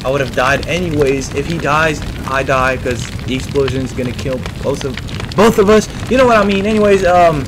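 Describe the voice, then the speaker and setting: A young man giving panicky let's-play commentary on a horror game, yelping and shouting when scared. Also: medium pitch, a little fast, few pauses, noisy background. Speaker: gaming streamer. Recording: game music playing loudly behind.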